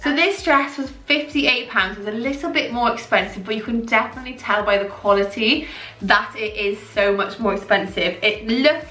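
A young woman chatting casually and excitedly through a clothing haul vlog, with plenty of fillers. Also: a little high, moderate pace, far from the mic, soft background music. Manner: chatty, gushing, filler-heavy. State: out of breath. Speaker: fashion vlogger. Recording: echoey room, voice a little off-mic.

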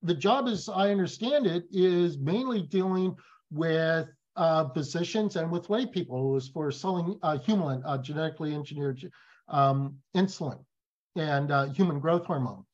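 A man speaking as a guest in a casual interview, telling emphatic, animated stories. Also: on the high side, moderate pace, lo-fi sound. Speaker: guest, business professor.

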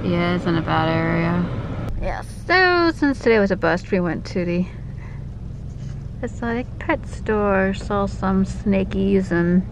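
A woman's voice: mid-range voice, animated, unhurried. Chatty Southern woman in a noisy car. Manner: chatty, grumbling, wry. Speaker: vlogger. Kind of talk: casual vlog chat.

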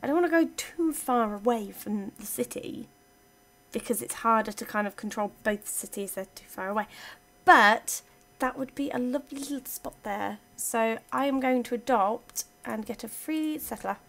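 A woman's voice: on the high side, moderate pace, fairly bright tone. A woman giving casual let's-play commentary, chatting playfully to her game units as she plays. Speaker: gaming channel host.

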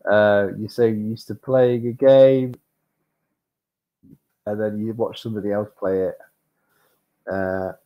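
A man's voice: on the low side, steady tone, measured pace, pauses often, mellow. A man streaming a retro game, narrating his play with flustered, self-mocking exclamations. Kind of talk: live gameplay commentary.

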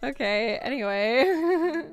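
A high-pitched woman in her late twenties talks through a live game stream, rambling and laughing nervously. She sounds flustered and uneasy, with faint music running underneath. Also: expressive, slow pace. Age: 20s. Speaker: Roblox streamer. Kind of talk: live gameplay stream chat.

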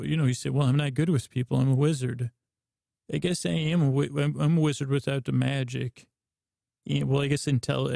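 A man meanders through a bedtime podcast monologue, trailing off and restarting with deadpan nonsense. His voice is heavily gravelly and mellow, the pitch flat. It sounds dry and close, with no room around it. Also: dry recording. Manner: slow drawl. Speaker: podcast host.

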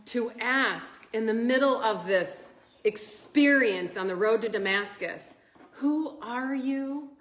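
A woman leads a casual devotional talk in an ordinary mid-range voice. She tells her stories with laughter and lively acted quotes. A roomy echo hangs around her voice. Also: mid-range voice, unhurried. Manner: animated, laughing storyteller who acts out quotes. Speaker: Bible study speaker. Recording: echoey room.

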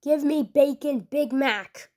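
Woman putting on a low gruff marine guy, blunt and threatening, drags every word out. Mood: gruff demanding. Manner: curt, flat demands, slow and heavy. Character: gruff grown male demon-slaying marine, blunt and menacing. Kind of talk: comedy sketch voice acting.

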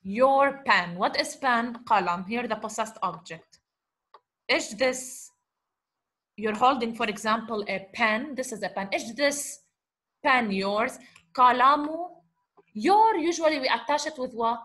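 A woman teaching a grammar lesson, explaining slowly, repeating examples and asking the class rhetorical questions. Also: a little high, expressive, a bit bright. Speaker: Arabic teacher.

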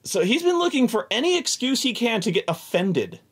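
A man telling a casual, profane story about a tabletop game, animated and exasperated, often repeating himself. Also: very high voice, brisk, slightly rough.

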